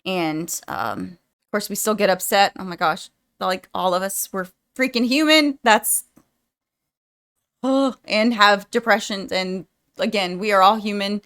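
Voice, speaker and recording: A woman's voice: mid-range voice, measured pace, smooth. A young woman vlogging a movie reaction, chatting casually to her viewers in a rambling, heartfelt way with lots of "like.". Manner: rambling and chatty, says "like" often; warm and heartfelt toward viewers.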